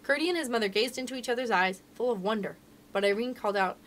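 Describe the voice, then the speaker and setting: A woman librarian reading a children's storybook aloud in an expressive, sing-song storyteller manner. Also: a little high, fast talker, slight background noise.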